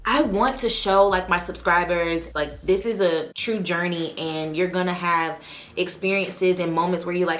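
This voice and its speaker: A woman's voice: on the low side, steady tone, normal speed, fairly bright tone. A woman vlogger chatting to camera from her desk in a spontaneous, heartfelt way. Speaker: vlogger and aspiring actress. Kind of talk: casual chat to camera.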